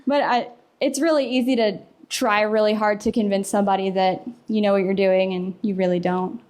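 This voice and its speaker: A woman's voice: medium pitch, steady tone, brisk, darkish tone. A young woman giving a casual conference talk in a hall, chatty and laughing often. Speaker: conference speaker.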